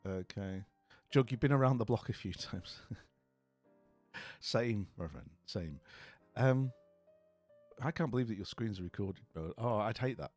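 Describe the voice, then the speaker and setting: A man's voice: fairly low pitch, expressive, measured pace, pauses often, a little mellow, soft background music. A man chatting with his stream viewers, friendly and rambling, with lots of fillers and restarts. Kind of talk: casual chat.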